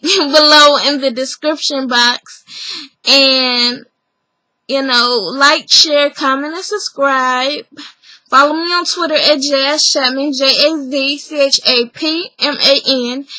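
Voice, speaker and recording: High bright chatty woman vlogger. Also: no echo, low-quality recording. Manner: chatty, opinionated, acts out quoted lines. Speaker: reality TV recap vlogger. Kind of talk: casual recap review.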